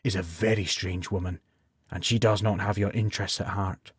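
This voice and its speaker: A male storyteller voicing a knight's wary inner voice, low and dry, given to understatement. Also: fairly even intonation, moderate pace, slightly rough, no echo. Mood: wry.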